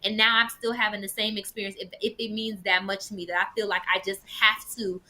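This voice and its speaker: A woman co-hosting a casual vegan talk show, telling stories in an animated way and slipping into playful voices now and then. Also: medium pitch, fast. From Jamaican heritage. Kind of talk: casual chat.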